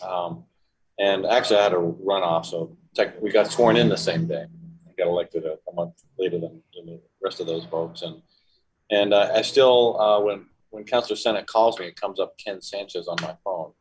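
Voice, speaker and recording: A man's voice: low-pitched, moderate pace, a little hiss or hum, rough recording. A man city councilor reminiscing in a reflective, hesitant way. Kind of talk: reminiscing tribute at a council meeting.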